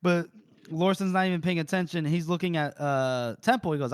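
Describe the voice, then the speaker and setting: Animated man recapping a book. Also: on the high side, a little slow, long pauses, clean tone, dry recording, studio quality. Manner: animated storyteller who acts out quotes. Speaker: podcast co-host. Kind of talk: casual book-discussion chat.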